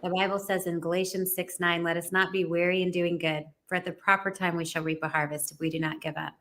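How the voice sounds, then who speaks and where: A woman's voice: fairly low pitch, little pitch movement, quick pace, a bit bright. A woman who is a candidate and guest on a talk show, speaking earnestly and in a preachy way. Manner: earnest, preachy, quotes scripture. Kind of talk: interview conversation.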